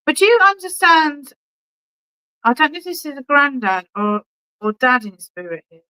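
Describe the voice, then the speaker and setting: Woman medium, a touch high and very bright, chatty and reassuring, keeps checking in with "okay?". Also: very animated, moderate pace, rough recording. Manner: affectionate, calls people darling. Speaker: spiritualist medium. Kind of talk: clairvoyant readings at an online church service.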